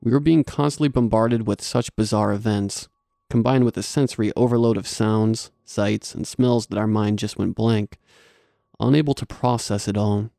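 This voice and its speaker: Gravelly low-voiced male horror narrator. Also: no room sound, clean studio sound. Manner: steady, measured storytelling.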